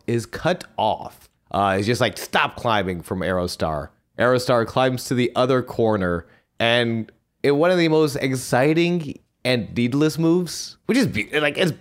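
A man hosting a podcast in casual chat, recapping matches with laughs and rambling asides. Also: mid-range voice. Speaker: podcast host.

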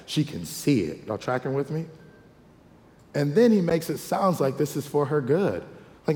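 A male pastor, preaching a lively sermon with call-and-response asides and acted-out quotes. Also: medium pitch, a little fast. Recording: long hall reverb.

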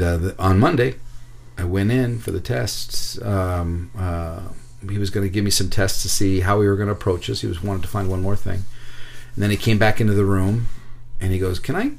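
A middle-aged man telling an emotional personal testimony, halting and repeating his words, his voice cracking with feeling. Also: low voice.

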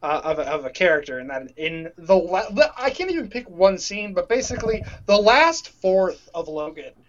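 A man's voice: high-pitched, big pitch swings, normal speed. A man co-hosting a casual podcast chat, rambling and restarting sentences as he gets emotional. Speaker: podcast co-host. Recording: dull lo-fi sound.

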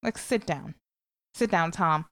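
A woman's voice: on the low side, slow pace, a bit bright, no echo, clean studio sound. A woman co-hosting a podcast in casual chat, blunt and chatty, breaking into sung song snippets. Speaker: podcast co-host.

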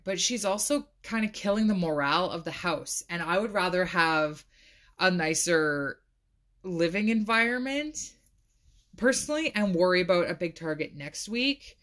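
A woman with a fairly low, fairly bright voice hosts a casual solo podcast at normal speed. She's chatty, says "like" a lot, and laughs often.

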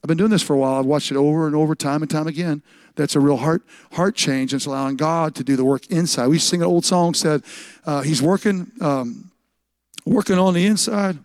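A man's voice: on the high side, steady tone, quick pace, a little mellow, no echo. A man preaching a sermon as pastor, emphatic and repetitive, often restarting his words.

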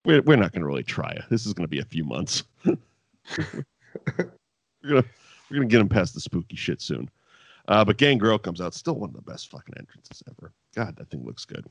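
A man's voice: low-pitched, very animated, a little fast, vocal fry, pauses often, no room sound. A man co-hosting a casual chat podcast reviewing wrestling, swearing freely and breaking into mock voices.

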